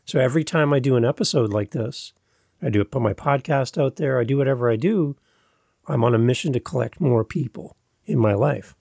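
A man's voice: mid-range voice, fairly quick, creaky, a little mellow, breathy edge, no echo, clean studio sound. A man hosting a podcast, chatting casually in a friendly, rambling way with self-deprecating humor. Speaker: podcast host.

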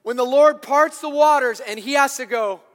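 A male pastor giving an animated sermon in a church, building to loud, emphatic bursts. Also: extremely high pitch, normal speed, big-room sound.

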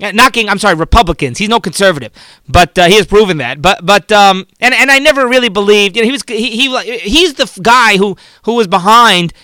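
A man's voice: sits high, sharp tone, dry recording. A man hosting a political talk show, giving fervent, rambling commentary and often repeating and restarting his words.

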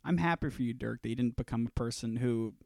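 Male comedy podcast co-host, playful and mock-offended, average pitch, dry recording. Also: fast talker, creaky, darkish tone, no room sound. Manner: joking, laughs often, mock-indignant. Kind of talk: casual comedic chat.

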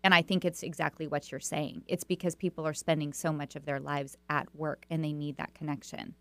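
A woman's voice: low-pitched, little pitch movement, fairly quick, no room sound. A woman hosting a radio talk show, telling stories in a chatty way with lots of fillers and restarts. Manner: warm storytelling with many fillers and restarts. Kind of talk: conversational radio interview.

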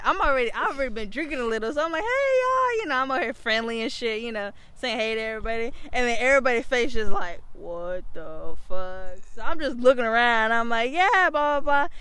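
A young woman hosting a podcast, telling stories in casual chat, animated, swearing freely and acting out what people said. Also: fairly high pitch, clean tone. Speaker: podcast host.

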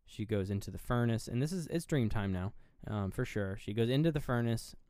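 A man's voice: medium pitch, animated, a little fast, a little mellow, no room sound, studio quality. A man co-hosting a podcast, casually retelling a horror movie scene by scene, rambling, swearing freely and laughing at himself. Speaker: podcast co-host.

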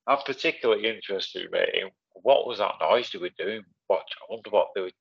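A man's voice: fairly low pitch, normal speed, gravelly, a bit bright, husky, dry recording. A man hosting a podcast in a laid-back casual chat, calling his guest mate. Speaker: podcast host. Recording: dull lo-fi mic.

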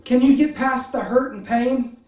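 A man's voice: extremely high pitch, steady tone, normal speed. Man preaching a sermon in a roomy hall. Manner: preaching with rising emphatic appeals and repeated questions; drops to soft, hesitant confessional tone with many fillers. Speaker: pastor. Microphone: online service stream. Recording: roomy, distant, muffled sound.

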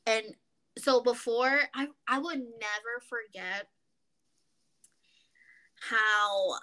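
Young woman podcast co-host, bright forward tone, chatty storyteller. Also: fairly high pitch, very slow. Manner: animated storyteller, acts out her mother's voice. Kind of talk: casual chat.

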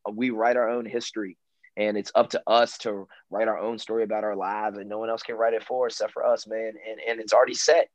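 A man's voice: on the low side, darkish tone, no room sound, dull audio. A man talking in a laid-back way, who keeps saying "man" and "bro" and repeats himself. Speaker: guest. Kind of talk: casual conversation.

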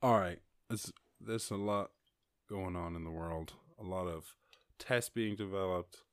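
A man's voice: low-pitched, measured pace, clear, resonant tone. A young Irish man hosting a podcast on his own, rambling casually, swearing freely and laughing often. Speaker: podcast host. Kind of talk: casual solo podcast chat.

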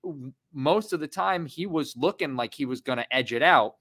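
A man in his thirties co-hosting a casual fight podcast, animated and rambling, swearing freely. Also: on the high side, moderate pace. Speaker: podcast co-host.

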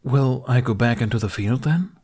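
A man's voice: medium pitch, moderate pace, darkish tone, husky, pitched above the performer's own voice. A man voicing a grown male Jedi who speaks in a formal, earnest way.

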